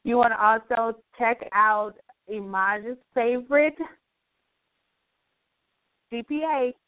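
A woman co-hosting a late-night radio talk show, chatting casually and reading shout-outs. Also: on the high side, slow, no echo. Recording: dry phone-line sound.

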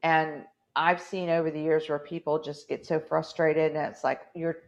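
A woman's voice: low-pitched, flat delivery, moderate pace. A woman hosting a podcast in casual chat, rambling through stories with acted-out quotes. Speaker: podcast host.

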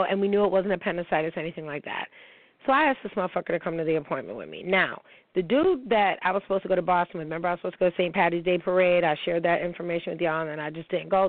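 A woman's voice: fairly low pitch, no echo. A woman hosting a personal talk show, telling her story in a candid, profane monologue full of fillers. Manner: frank and profane, many fillers. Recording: tinny phone-like sound, dry.

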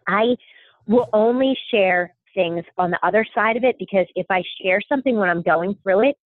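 A woman's voice: medium pitch, moderate pace, dry recording. Woman host on a tinny call line. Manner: chatty, self-deprecating, many fillers. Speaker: podcast host. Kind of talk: casual podcast chat. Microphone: remote call. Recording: thin phone-like call audio.

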